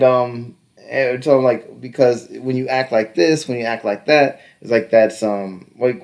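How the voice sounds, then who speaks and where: A man's voice: mid-range voice, darkish tone. A young adult man telling a story in casual podcast chat, laughing often, swearing freely and acting out quoted dialogue. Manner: tells stories with quoted dialogue. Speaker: podcast co-host.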